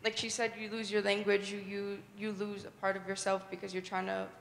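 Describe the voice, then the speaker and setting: Brief: woman with a strongly gravelly, flat voice, rambling and casual, heard in a roomy hall with faint noise. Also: medium pitch, brisk. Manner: rambling, leans on "like". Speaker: book club participant. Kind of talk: casual group discussion. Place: indoor event hall.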